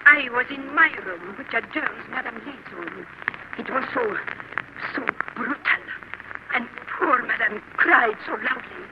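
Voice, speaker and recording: A woman's voice: fairly high pitch, expressive, a little slow, highs cut off. An actress playing a prim, indignant French lady's maid with a French accent, in 1940s radio acting. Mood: offended. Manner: indignant, fussy, formal phrasing. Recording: hissy old radio broadcast.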